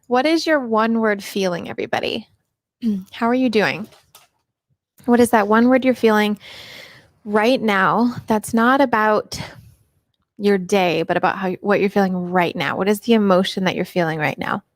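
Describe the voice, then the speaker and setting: A woman's voice: medium pitch, normal speed, dry recording, studio quality. A middle-aged woman hosting a casual live Q&A stream on her own mic, chatty and upbeat, greeting viewers by name. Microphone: personal microphone.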